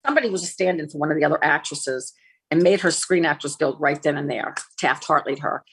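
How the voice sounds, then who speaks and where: Here a woman in her sixties, once a TV host and still an actress, recounts an aggrieved personal story while being interviewed. She speaks fast in a low, slightly rough voice. Candid and animated, she performs the dialogue she quotes.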